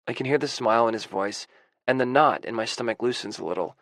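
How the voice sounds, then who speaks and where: A man narrating a first-person audiobook in a wry, gruff manner on a close studio mic. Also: medium pitch, quick pace, fairly bright tone, no room sound.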